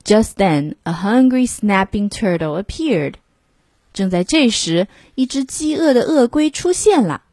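Woman, bilingual storybook reader, slow pace, lively pitch, breathy, dry close sound. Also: no echo.

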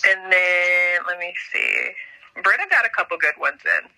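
A woman's voice: fairly low pitch, lively intonation, moderate pace, bright, forceful tone, low-quality recording. A woman guest on a podcast, chatting casually and enthusiastically agreeing. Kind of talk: casual chat.

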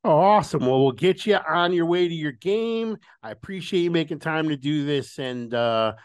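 Podcast host guy, blunt and wry, smooth voice, super dry mic. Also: a little high, lively intonation, moderate pace, no echo. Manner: frank, opinionated, wry. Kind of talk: casual chat.

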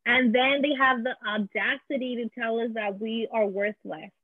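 Over a tinny phone line with no echo, a young Mexican woman with a Mexican Spanish accent chats casually. Her voice is a little high and breathy-edged, steady in tone at a normal speed, and she uses lots of fillers and switches into Spanish.

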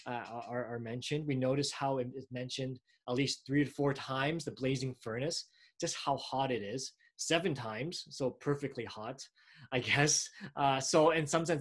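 A man preaching a sermon in a conversational way, often pausing and restarting. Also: mid-range voice. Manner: conversational, with frequent fillers and restarts.

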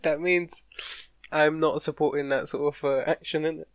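A man's voice: fairly high pitch, little pitch movement, moderate pace, dry recording. A young man in casual podcast chat, joking, swearing and laughing often. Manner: laid-back banter with frequent laughter and swearing.

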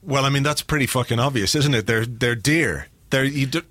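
A man's voice: mid-range voice, brisk, a bit bright. A man co-hosting a podcast, chatting casually in a playful, rambling, jokey way. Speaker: podcast co-host. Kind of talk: casual chat.

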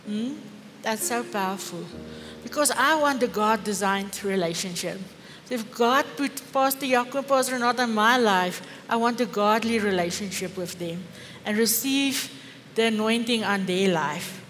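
A woman's voice: on the high side, normal speed, a bit bright, a little hiss or hum. Fervent Afrikaans-accented woman preaching. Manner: fervent, with rhetorical questions. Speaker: pastor. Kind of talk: sermon. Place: church hall. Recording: echoey church hall with faint music.

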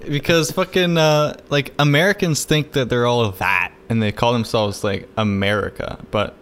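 A man's voice: medium pitch, normal speed, smooth. Swearing young man from Canada. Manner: swears freely, animated mock impressions. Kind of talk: casual chat.

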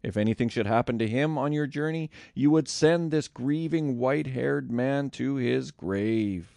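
A man's voice: medium pitch, a little slow, creaky, darkish tone, dry recording, voice pushed up. A man reading the part of a grieving white-haired old father in a scripture reading, with a raised, pleading delivery. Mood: anguished.

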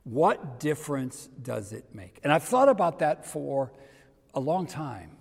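An older man preaching a sermon in a conversational way, dropping to soft near-whispers for emphasis. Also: fairly high pitch, very animated, a little slow, creaky, husky. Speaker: pastor. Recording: reverberant hall.

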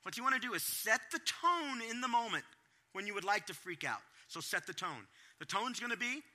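A middle-aged male pastor giving a sermon to parents, animated and acting out his own reactions in different voices. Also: sits high, fairly quick.

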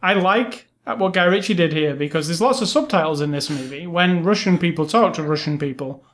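A man's voice: fairly high pitch, a little fast. A man co-hosting a casual movie review chat, opinionated and chatty, with frequent ums and restarts. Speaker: podcast co-host.

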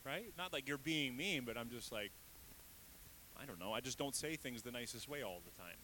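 Pastor, male, 30s, forceful bright tone, chatty and candid from the pulpit. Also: medium pitch, animated, normal speed, slight background noise, rough recording. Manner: casual, candid, self-deprecating asides. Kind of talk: conversational sermon.

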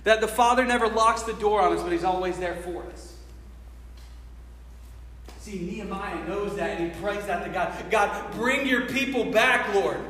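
A man with a very high, bright voice preaches in a relaxed, slangy style. He acts out quoted lines as he tells the story. The sound is roomy, with a long echo from a large church hall. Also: normal speed, pauses often, slight background noise. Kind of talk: sermon. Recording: echoey hall with long reverb.

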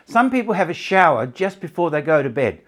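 A man coaching stress relief and sleep in front of a small live audience. His voice sits a little high for a man and swings widely in pitch. He repeats his points and keeps asking whether the listeners follow him. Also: big pitch swings, fairly quick, fairly bright tone. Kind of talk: live talk to an audience and camera.

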